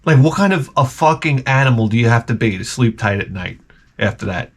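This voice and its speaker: A middle-aged man rants in a rambling, profane, animated way, full of restarts. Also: mid-range voice, a little fast. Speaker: vlogger. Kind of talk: profane comic rant.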